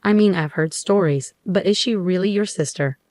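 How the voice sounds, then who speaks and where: A woman reads as a protective husband who speaks firmly but politely. The voice sits a little low and sounds dry and close. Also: moderate pace, a little mellow, dry recording, close to an everyday voice.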